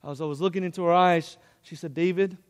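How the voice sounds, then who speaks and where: A man's voice: on the high side, fairly even intonation, fast, smooth, big-room sound. A male preacher telling a personal story in an emotional sermon, addressing the congregation.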